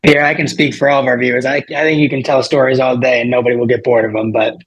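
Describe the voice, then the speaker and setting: Man, podcast host, slightly husky, casual, searching for words. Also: mid-range voice, flat delivery, quick pace, rough recording. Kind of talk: asking interview questions.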